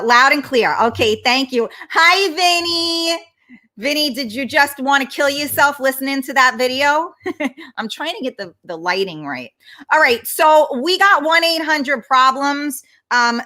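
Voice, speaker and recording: A woman's voice: a little high, pushed and bright. A woman with a New York accent hosting a casual livestream, chatty and flustered while fixing her audio. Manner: chatty, flustered by tech trouble. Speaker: talk show host.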